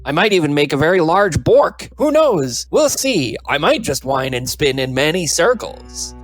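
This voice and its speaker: A man voicing a cheeky, energetic deaf female cow dog, reading her diary entries in a playful, boastful way. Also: medium pitch, normal speed, faint music behind.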